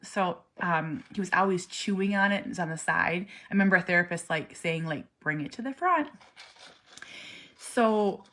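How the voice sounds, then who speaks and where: A woman in her forties, a parent talking casually to camera, earnest and animated, sometimes dropping to a soft near-whisper. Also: lowish voice, normal speed, hardly any pauses. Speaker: parent vlogger. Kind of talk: casual personal vlog.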